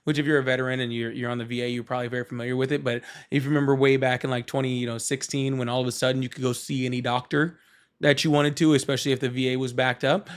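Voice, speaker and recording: A man's voice: mid-range voice, level tone, rapid-fire, smooth. Argumentative male call-in show host. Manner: pressing, argumentative, apologetic about roasting. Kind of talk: live call-in debate.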